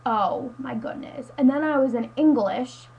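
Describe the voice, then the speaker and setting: With vocal fry in a voice that sits high, a teen high school student rants to her webcam at home, rambling and exasperated and using "like" over and over. The highs are cut off and there's slight background noise.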